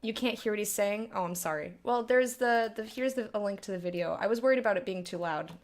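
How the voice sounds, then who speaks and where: A woman's voice: medium pitch, quick pace. A woman hosting a blind let's play, giving casual, emotional commentary on a game. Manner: emotional, chatty reactions.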